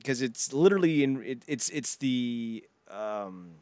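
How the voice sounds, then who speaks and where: A man's voice: mid-range voice, animated, unhurried, darkish tone, no room sound. A man co-hosting a podcast, rambling in casual banter and slipping into silly impressions. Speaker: podcast co-host.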